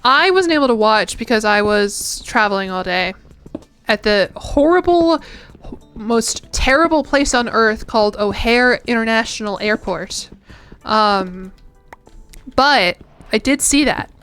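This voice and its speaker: Young woman, streamer chat, rambling and self-mocking, clear smooth voice. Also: on the high side, expressive, unhurried, a bit bright, faint music behind. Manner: rambling, chatty, self-deprecating. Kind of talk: casual chat while gaming.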